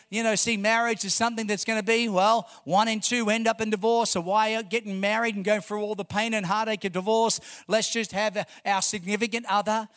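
High, bright-voiced fervent male preacher. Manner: fervent, emphatic preaching with rhetorical questions. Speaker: pastor. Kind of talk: sermon. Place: church before a congregation.

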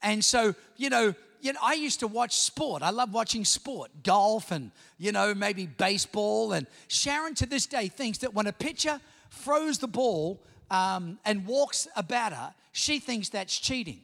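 High, gravelly Australian pastor preaching. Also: male voice, measured pace. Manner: animated storytelling, rising to shouts. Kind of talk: sermon with personal stories. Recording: long hall reverb.

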